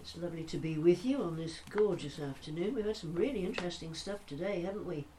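An older woman presenting a talking newspaper, chatting to listeners in a fond, gently humorous way. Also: fairly low pitch, fast talker, slight background noise. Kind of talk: casual chat to listeners.

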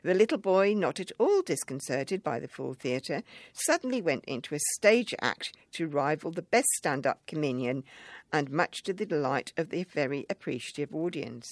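A storyteller reads a memoir aloud with wry, measured delivery. The voice sits at a middle pitch. The recording is close and dry, with no room sound. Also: big pitch swings, dry recording.

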